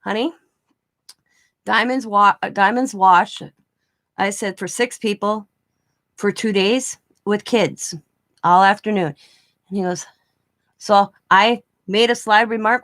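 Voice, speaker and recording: A woman's voice: medium pitch, fairly even intonation, slow pace, pauses often, fairly bright tone. A middle-aged woman chatting casually to her viewers, rambling and laughing often as she tells stories. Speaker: craft vlogger. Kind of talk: casual storytelling chat.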